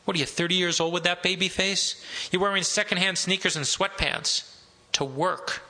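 A man's voice: high-pitched, moderate pace, sharp tone, pitched above the performer's own voice, heavily acted. A man voicing a blunt, pushy middle-aged restaurant manager in a novel read aloud. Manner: pushy, street-smart.

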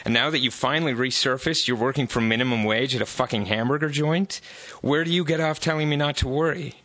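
A man's voice: fairly low pitch, steady tone, brisk, creaky, a bit bright, no echo. A man voicing a worried, exasperated young woman in a live book reading, pleading and growing angry. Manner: pleading, rising anger. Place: bookstore.

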